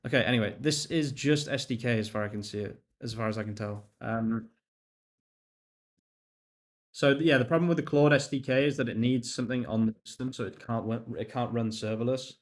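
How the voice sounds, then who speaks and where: A man's voice: mid-range voice, fairly quick. A young man chatting casually on a live stream while coding, reading chat aloud, laughing and swearing now and then. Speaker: livestream host.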